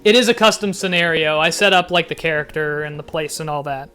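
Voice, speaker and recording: Man, gaming youtuber, casual commentary, reads game text aloud, excitable, laughs often. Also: on the high side, fairly quick, smooth, faint music behind.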